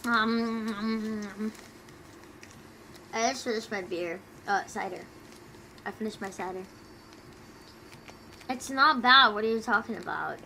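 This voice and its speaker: A tipsy young woman streamer chatting casually with viewers, talking quietly and rambling with giggles close to her mic. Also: medium pitch, fairly even intonation, a little slow, gravelly, long pauses, slight background noise, rough recording. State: tipsy from drinking. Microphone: close desk mic.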